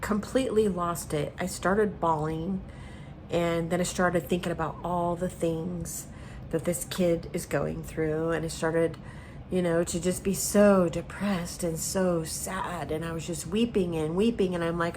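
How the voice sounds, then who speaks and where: A woman's voice: on the low side, fairly even intonation, unhurried, a little mellow, slight background noise, poor audio. A woman cooking in her home kitchen and telling a personal story in an earnest, casual way. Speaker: cooking vlogger. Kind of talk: casual chat while cooking.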